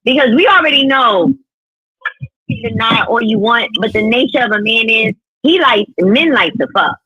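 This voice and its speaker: A woman on a podcast panel, talking in a brash, profane, animated way. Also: on the high side, moderate pace, slightly rough, no room sound, highs cut off. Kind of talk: casual podcast chat.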